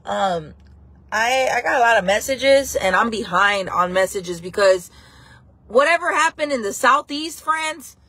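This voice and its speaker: A woman's voice: fairly high pitch, lively intonation, a little slow, fairly bright tone, husky, no room sound. A woman hosting a casual live stream, chatting and rambling to her viewers, often repeating herself.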